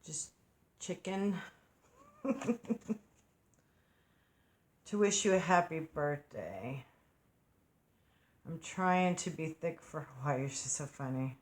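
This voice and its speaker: Gushing, chatty woman crafter, low voice. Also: animated, slow, pauses often, roomy sound. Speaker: craft channel host. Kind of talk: casual unboxing vlog. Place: at home by her craft desk.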